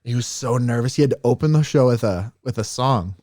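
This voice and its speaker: A man's voice: medium pitch, fairly quick, no room sound, studio quality. A man co-hosting a podcast, telling stories in casual chat and acting out quoted lines. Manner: animated storytelling, acts out quotes. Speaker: podcast co-host.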